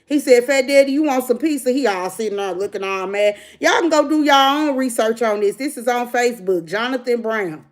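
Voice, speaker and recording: A woman's voice: a little high, expressive, moderate pace, hardly any pauses. A middle-aged woman, ranting bluntly to her livestream viewers like a preacher. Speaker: livestream host. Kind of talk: casual livestream rant.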